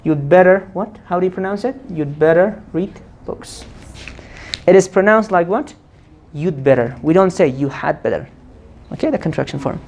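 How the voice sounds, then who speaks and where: A woman teaching an English grammar lesson, quizzing the class and answering her own questions, repeating forms slowly. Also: lowish voice, a little mellow. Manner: asks the class questions and answers them herself.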